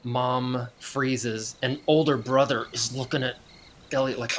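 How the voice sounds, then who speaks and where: A man's voice: medium pitch, steady tone, measured pace, slight background noise. A middle-aged man co-hosting a movie review podcast, retelling scenes with energy and acting out the lines. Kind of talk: casual film discussion.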